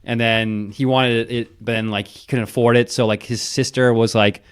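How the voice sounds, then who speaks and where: A man's voice: medium pitch, level tone, normal speed, smooth. A young man chatting casually on a podcast, telling rambling stories full of fillers. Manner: rambling storyteller, fillers and laughs. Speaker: podcast host. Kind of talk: casual chat.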